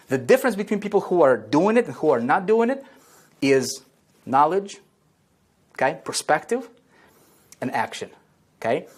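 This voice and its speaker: Husky-voiced man giving a pep talk. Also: mid-range voice. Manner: energetic, repeats "okay?" and "right?" often. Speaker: online marketing trainer. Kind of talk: motivational training video.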